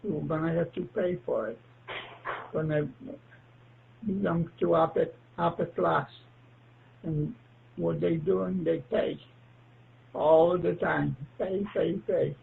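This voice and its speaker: A slow-talking man with a heavily gravelly, creaky voice chats haltingly over an amateur radio link, pausing often. His voice sits a bit higher than most men's. The transmission is thin and tinny, with a faint hiss underneath. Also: fairly even intonation. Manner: slow, halting, with frequent pauses and fillers. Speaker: ham radio operator. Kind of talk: casual on-air chat.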